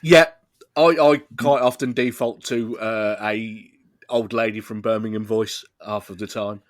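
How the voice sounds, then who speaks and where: A man's voice: lowish voice, fairly even intonation, measured pace, no echo, studio quality. A man talking as a podcast guest in a rambling, casual way, with plenty of fillers. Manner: rambling, fond of filler words, laughs easily.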